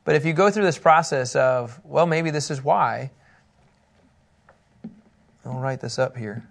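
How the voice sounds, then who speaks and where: Gravelly, animated male Bible teacher. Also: medium pitch, unhurried. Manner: animated, laughing, acting out scripture quotes. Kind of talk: casual Bible lesson.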